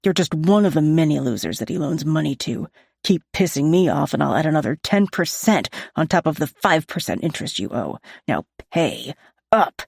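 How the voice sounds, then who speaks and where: A woman doing a low menacing gunman. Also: expressive, vocal fry, a little mellow, slightly rough, dry recording, studio quality, heavily acted. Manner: threatening, slow and deliberate. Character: menacing male loan-shark enforcer with gun.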